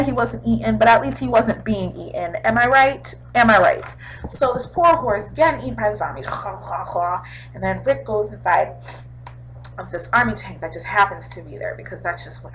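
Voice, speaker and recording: A young woman casually recapping a TV episode in a chatty, animated way, throwing in sound effects. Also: medium pitch, normal speed, slight background noise, rough recording. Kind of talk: casual chat.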